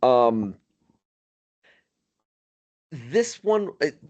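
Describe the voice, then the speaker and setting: A man's voice: mid-range voice, very animated, extremely slow, darkish tone, highs cut off. A man co-hosting a podcast in casual chat, laughing often as he retells funny moments and rambling through his points. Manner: rambling, many fillers and restarts. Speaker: podcast co-host.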